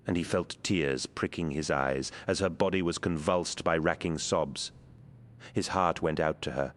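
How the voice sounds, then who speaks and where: Deep male narrator, measured scripted storytelling. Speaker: audiobook narrator.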